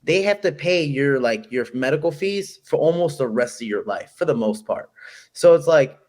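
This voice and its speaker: A young man from Chicago, a fighter being interviewed, telling stories in an animated, quick, casual way and acting out what people said. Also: a little high. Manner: animated, quick, acts out quoted voices. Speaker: guest fighter.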